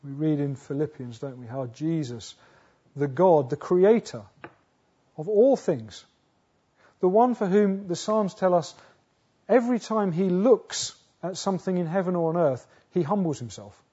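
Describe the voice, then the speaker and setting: A man preaching a sermon earnestly, asking rhetorical questions, restarting phrases, rising to loud emphatic peaks and sinking low again. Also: measured pace, husky. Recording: dull lo-fi sound.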